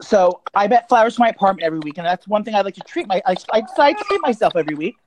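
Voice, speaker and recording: A man's voice: high-pitched, very animated, racing, darkish tone, a little hiss or hum. Chatty gossiping man with fillers. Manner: gossipy storyteller, campy, many fillers. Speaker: podcast co-host. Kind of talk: casual chat.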